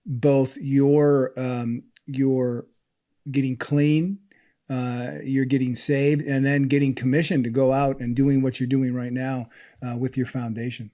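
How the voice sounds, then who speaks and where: Slow measured male podcast host. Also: medium pitch, mellow. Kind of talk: interview questions.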